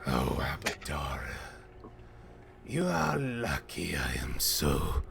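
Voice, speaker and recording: A man voicing a huge, smug, hungry monster that speaks slowly and menacingly. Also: huge pitch swings, vocal fry, a bit bright, a little hiss or hum, heavily acted. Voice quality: deep, slow, smug.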